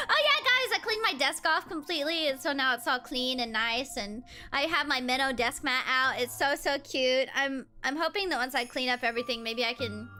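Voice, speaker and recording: A woman's voice: sits high, moderate pace, pushed and bright. A young woman in her twenties streaming as a VTuber, chatting casually and giggling often. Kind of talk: casual livestream chat. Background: faint background music.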